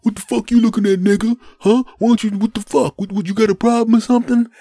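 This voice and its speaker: Man doing angry cursing male driver, shouty, stammering, pitched up high, dry close sound. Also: level tone, fast, no echo. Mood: belligerent.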